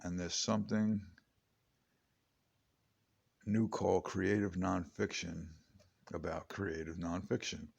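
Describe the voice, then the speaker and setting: A man's voice: low-pitched, level tone, slow, vocal fry, pauses often, breathy edge, dull audio. A man in his late fifties reading his own memoir aloud, chatty and digressive with wry asides. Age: 50s. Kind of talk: rambling memoir narration. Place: home.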